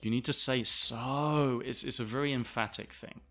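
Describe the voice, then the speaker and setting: Bright-voiced Southern English teacher. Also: male voice, medium pitch, fairly even intonation. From south of England. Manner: clear, deliberate, spells words out. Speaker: English teacher, podcast host. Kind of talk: explaining vocabulary to learners.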